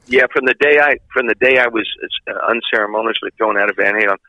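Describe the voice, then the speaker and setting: Bright-toned rock singer, slangy man. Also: quick pace, no room sound, lo-fi sound. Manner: loose storyteller, mimics others in high voices. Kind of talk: casual interview chat.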